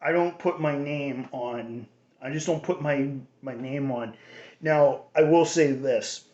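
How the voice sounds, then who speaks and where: A man's voice: medium pitch, slow, a little mellow. A man hosting his own radio show, rambling through a casual monologue with many restarts. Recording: roomy dull lo-fi recording.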